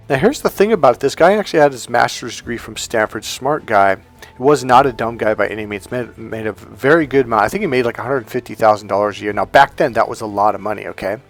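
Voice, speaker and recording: A man coaching on dating, telling a story in an animated, emphatic casual monologue. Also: medium pitch, quick pace, no room sound.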